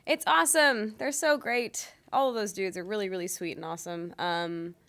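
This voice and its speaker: A woman's voice: mid-range voice, normal speed, a bit bright, clear, resonant tone. A young adult woman voice actor chatting casually in an interview, with lots of ums and likes. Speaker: voice actor guest. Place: convention interview.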